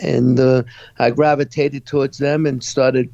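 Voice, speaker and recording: Gravelly New man, halting testimony. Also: medium pitch, flat delivery, mellow, dry recording, highs cut off. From Brooklyn, New York. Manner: halting, restarts often, many fillers. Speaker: guest. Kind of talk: personal testimony in an interview.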